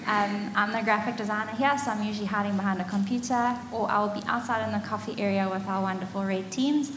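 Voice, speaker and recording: A woman speaking nervously from a church stage, hesitant and filling her pauses with ums. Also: on the high side, fairly even intonation. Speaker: church graphic designer. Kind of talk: nervous announcement. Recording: echoey hall with ambient noise.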